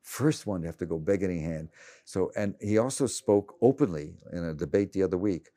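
Older man in his seventies, low voice, dark and mellow, rambling with restarts, interview guest. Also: expressive, a little fast. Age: 70s. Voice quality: cranky. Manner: rambling, many restarts and stammers. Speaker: journalist guest. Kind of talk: conversational interview.

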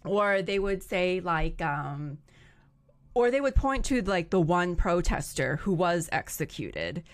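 A woman co-hosting a podcast in casual political chat, animated and acting out what others say. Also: on the low side, slow pace, dry recording. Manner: animated, acts out quoted people. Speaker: podcast co-host.

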